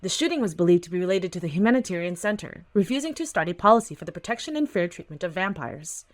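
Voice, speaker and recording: Woman reading as a brisk TV newscaster. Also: lowish voice, expressive, natural voice. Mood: newsy. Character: fast, even news reader on TV. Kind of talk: webtoon read-aloud.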